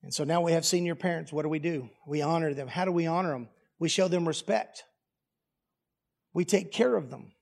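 A man's voice: fairly high pitch, fairly quick, creaky, darkish tone. A middle-aged man preaching, telling family stories in a folksy, plainspoken and humorous way. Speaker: pastor. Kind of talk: storytelling sermon.

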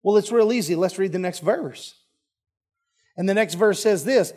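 A man's voice: high-pitched, a little slow, darkish tone. A male pastor preaching a sermon, folksy and joking with the congregation.

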